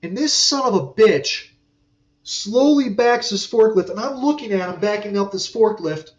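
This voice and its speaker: High-voiced man telling a rambling work story. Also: expressive, normal speed. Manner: rambling and profane, with frequent fillers and asides. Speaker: aircraft mechanic podcast host. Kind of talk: casual storytelling monologue. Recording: dull sound from a distant mic.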